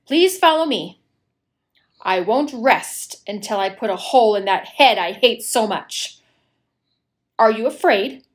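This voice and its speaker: A proud, fiery young widow, as a woman acts her out, haughty and cutting in tone. She speaks slowly with a lively, rising and falling, slightly high voice. An amateur audio-play reading. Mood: scornful. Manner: haughty and cutting, then wavering. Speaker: actor in a community audio play. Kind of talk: amateur radio play acting.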